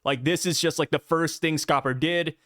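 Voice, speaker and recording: A man guesting on a casual discussion podcast, talking in a playful, animated way and often asking "right?". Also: fairly high pitch, normal speed, no room sound, studio quality.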